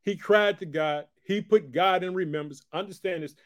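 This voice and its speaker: A man preaching a sermon, reading scripture slowly and loudly, then dropping to quieter asides and repeated call-outs to the listener, and praying aloud for people. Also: sits high, dry recording.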